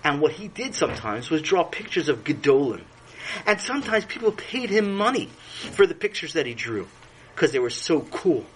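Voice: mid-range voice, big pitch swings, moderate pace, a little hiss or hum, rough recording. A storyteller narrating a children's story in a playful way, with asides to the listener.

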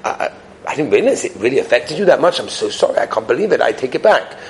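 A man's voice: mid-range voice, very animated, quick pace, slight background noise, voice pushed down. A man voicing a wife who nags her husband and then apologizes. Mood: apologetic. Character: nagging wife, later apologetic.

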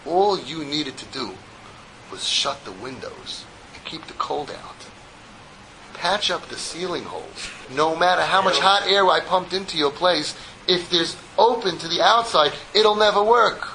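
A man voicing a rich, hot-tempered boss who barks at his workers with a loud, blustering manner. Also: on the high side, animated, measured pace, a little hiss or hum, heavily acted, poor audio. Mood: stern lecturing. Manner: boisterous, then fuming.

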